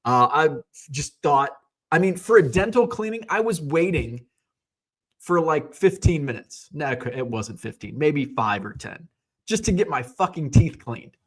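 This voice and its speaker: A hobby vlogger tells a personal story in a rambling, conversational way, swearing casually and retelling scenes in quoted back-and-forth voices. His voice is on the high side with lively intonation and a moderate pace.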